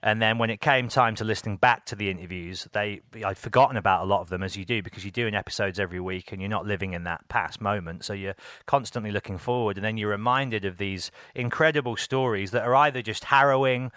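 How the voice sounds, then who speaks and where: Casting note: man from England, podcast host, bright lowish voice, dry close sound, animated storyteller who laughs often. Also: fast, hardly any pauses, no room sound. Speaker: podcast host and music interviewer. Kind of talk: casual storytelling chat.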